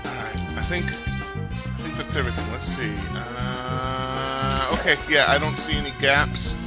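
A man's voice: mid-range voice, lively intonation, unhurried. A man hosting a let's play, chatting casually over his gameplay in a rambling, joking, self-mocking way. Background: background music.

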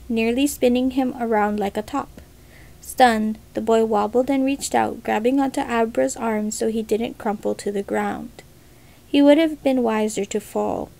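Mellow-voiced woman reading a story. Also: on the high side, gravelly. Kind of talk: scripted first-person narration.

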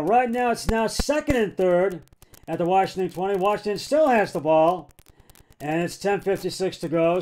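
A man with a high voice talks on his own sports podcast. He sounds frustrated, raises his voice into yelling at times, and stumbles through fillers and restarts as he runs through scores. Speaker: podcast host. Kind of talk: solo sports podcast commentary.

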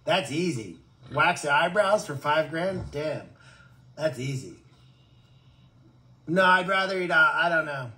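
A man with a fairly high voice hosts a relaxed livestream, reading and answering viewer comments. He jokes around and rambles, often stammering and restarting his sentences. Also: moderate pace. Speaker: animal sanctuary livestream host.

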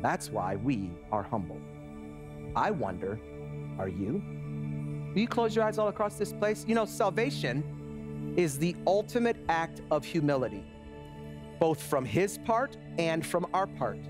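A pastor in his forties delivers a sermon in a notably high, bright-pitched voice. He tells stories with lively animation, then slows into quiet, earnest appeals. Clear music plays underneath him throughout. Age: 40s. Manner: animated storytelling that drops to a quiet, slow, earnest close.

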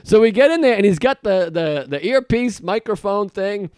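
Animated man, high lively voice, podcast storyteller who laughs and acts out quotes, dry close sound. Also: moderate pace, clean tone, no echo. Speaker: podcast co-host. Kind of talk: casual storytelling chat.

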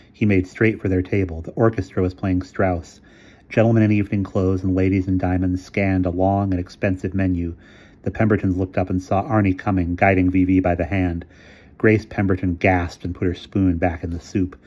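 A man reading a short story aloud in measured narration. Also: low-pitched, warm tone, lo-fi sound. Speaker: reader. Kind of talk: scripted narration.

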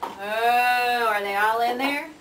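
A woman coaching a small child to say words, in a sing-song, encouraging way, slow and clear. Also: fairly high pitch, distant mic. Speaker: speech therapist. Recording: echoey room, mic from afar, noisy home video.

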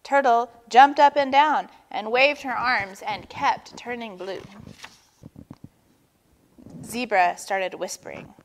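Woman reading a children's story slowly. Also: fairly high pitch, a little hiss or hum, poor audio. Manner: slow expressive reading to children. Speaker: children's story reader at a church. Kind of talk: reading a picture book aloud.

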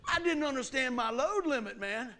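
Middle-aged pastor, high and gravelly, animated storytelling sermon, does the sound effects himself. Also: male voice, normal speed, slight background noise. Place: church sanctuary.

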